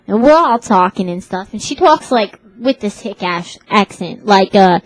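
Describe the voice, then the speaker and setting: A woman's voice: medium pitch, animated, a little slow, dry recording, low-quality recording. A woman telling a rambling comic story in casual chat, full of fillers. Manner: rambling, lots of "like" and "you know".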